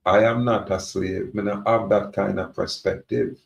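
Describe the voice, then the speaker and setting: A man's voice: fairly low pitch, flat delivery, normal speed, creaky. A man with a Jamaican accent giving a defiant, preachy, rambling monologue to his viewers. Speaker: self-styled sovereign speaking to viewers. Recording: roomy, dull lo-fi recording.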